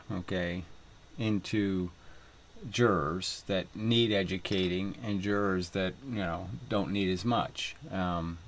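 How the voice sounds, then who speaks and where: Rambling, profane man vlogging. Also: on the low side. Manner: rambling, profane, laughing asides, many fillers. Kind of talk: rambling casual monologue. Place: outdoors, windy, by water. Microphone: camera mic.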